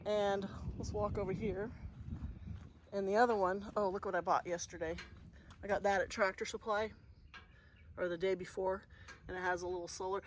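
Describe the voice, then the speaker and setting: A woman's voice: mid-range voice, steady tone, moderate pace, long pauses. Woman talking to camera while she gardens; easygoing, muses aloud, light street noise in the background. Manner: chatty, thinking aloud, soft-spoken asides. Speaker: gardening vlogger. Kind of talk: casual narration while working. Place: outdoor garden. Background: passing traffic.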